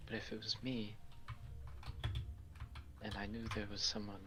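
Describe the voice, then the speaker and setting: A man speaks in character during a tabletop role-play, soft and hesitant, filling gaps with pauses. His voice sits low and flat, with a bright edge, and he talks slowly. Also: music in the background. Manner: soft, hesitant, full of ums. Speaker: player.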